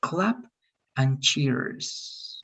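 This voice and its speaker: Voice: mid-range voice, lively intonation, extremely slow, bright, forceful tone, slight background noise. An English teacher on a video call, patiently correcting students' pronunciation and encouraging them. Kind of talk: online class feedback.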